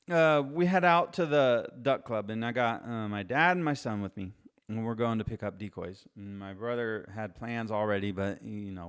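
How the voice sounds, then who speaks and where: A man's voice: lowish voice, smooth. A middle-aged man hosting his own podcast, telling a casual, rambling story with restarts and wry asides. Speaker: podcast host.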